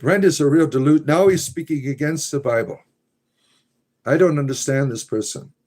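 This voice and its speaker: A man's voice: on the high side, moderate pace, darkish tone. A man hosting a casual livestream, reading viewer comments aloud with wry remarks and muttered asides. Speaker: livestream host reading chat. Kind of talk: casual live-stream chat.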